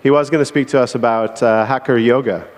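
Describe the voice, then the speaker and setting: A man's voice: mid-range voice, steady tone, a little fast. A man hosting an event and introducing the next speaker, easygoing and joking, with fillers. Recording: echoey hall reverb.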